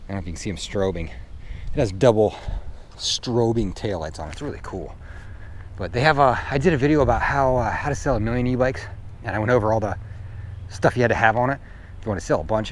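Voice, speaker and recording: An older man vlogging casually while riding an e-bike around a track outdoors, chatty and self-deprecating, a little out of breath. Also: mid-range voice. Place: outdoors on a high school track. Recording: outdoor noise, wind and traffic.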